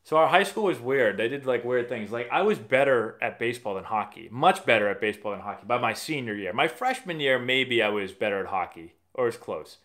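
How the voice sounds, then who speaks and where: Speaking a little fast and animated, with hardly any pauses, a Massachusetts man answers viewer questions on a casual live stream. His voice is mid-range and a bit bright. He's a chatty, rambling storyteller prone to restarting sentences.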